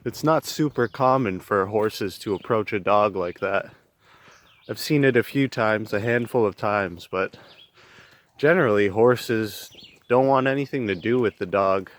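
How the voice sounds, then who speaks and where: Outdoors guy, talks slow and rambly on the trail, kinda low voice. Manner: rambling, swears, plain-spoken. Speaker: outdoor vlogger. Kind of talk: casual hiking narration.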